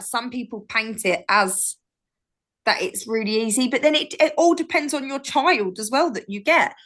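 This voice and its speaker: A woman's voice: fairly high pitch, a bit bright. A woman, chatting casually as a podcast guest and telling stories animatedly. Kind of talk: casual chat.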